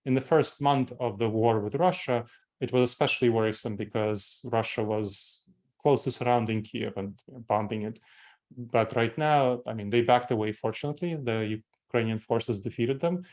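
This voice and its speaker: A man in his forties with a Moldovan accent speaks at a moderate pace in a medium-pitched, darkish voice. He's a corporate trainer giving a talk to company staff, explaining step by step and repeating key terms for emphasis.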